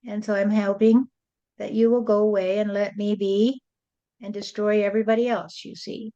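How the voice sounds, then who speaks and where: A woman speaking as a spirit medium in a channeled spiritual address, with a slow, rhyming, sing-song preaching delivery. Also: medium pitch, level tone, dark tone, highs cut off.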